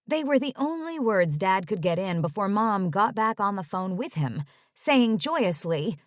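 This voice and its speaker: A woman narrating a first-person romance audiobook in a measured storytelling voice. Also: mid-range voice, very animated, no room sound, clean studio sound.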